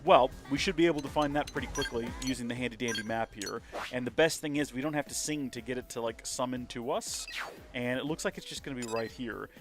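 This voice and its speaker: A man's voice: medium pitch, fast talker, over music. A man streaming a video game, chatting casually in a rambling, joking, self-mocking way. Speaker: let's play streamer.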